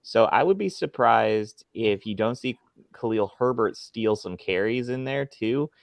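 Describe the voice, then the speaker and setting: A man's voice: mid-range voice, animated, unhurried, gravelly, dry recording. A man co-hosting a casual fantasy football podcast over a remote call, giving confident, opinionated takes. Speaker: podcast co-host.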